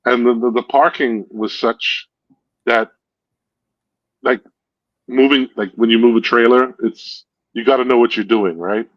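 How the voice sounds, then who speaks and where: A man's voice: medium pitch, steady tone, measured pace, long pauses, no echo. A man chatting casually on a stream, telling long rambling stories, correcting himself and laughing at his own jokes. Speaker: stream host. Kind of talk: casual storytelling chat. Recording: dull lo-fi sound.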